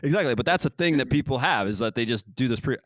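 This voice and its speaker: This podcast host talks fast in a medium-pitched voice, recorded dry. He chats casually and rambles, animatedly acting out quotes as he goes.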